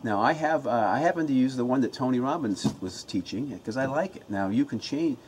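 An earnest man talks to his camera at home, fired up and eager to share a self-help routine. His voice sits at an ordinary middle pitch, and he often restarts and repeats his words. A faint hiss runs beneath the recording. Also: animated, a little fast, darkish tone. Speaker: motivational vlogger.

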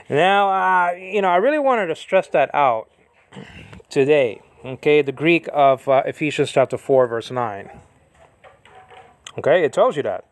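A man gives a relaxed, meandering Bible lesson, frequently self-correcting and carefully pronouncing Greek words one by one. His pitch is on the high side, and the audio is dry.

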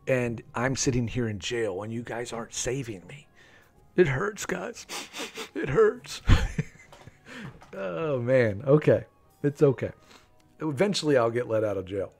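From his home room, a thirtysomething man provides live commentary on his game stream through a desk microphone. His medium-pitched voice is a bit mellow, and he's chatty and playful, laughing and saying things twice.

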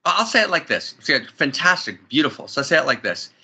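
A man's voice: a little high, big pitch swings, a little fast, creaky, bright, forceful tone, husky. A man speaking as an interview guest in a spiritual conversation, effusive and building to soaring emphatic peaks, talking from a friend's house.

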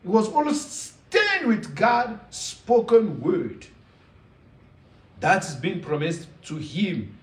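A man's voice: high-pitched, very animated, takes it slowly. A man preaching a sermon with emphatic, repetitive phrasing. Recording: echoey room, from far off.

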